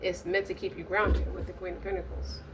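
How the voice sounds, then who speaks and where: A woman's voice: fairly low pitch, little pitch movement, fairly quick, far from the mic. A woman giving a casual tarot reading, blunt and profane, rambling with asides and restarts. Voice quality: blunt, profane, streetwise talk. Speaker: tarot reader. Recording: noisy recording, voice set back from mic.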